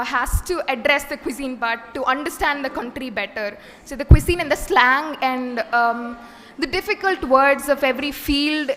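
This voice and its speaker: A woman's voice: high-pitched, a bit bright. A young woman student giving spoken feedback, hesitant and full of fillers. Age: young adult. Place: college hall. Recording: hall reverb.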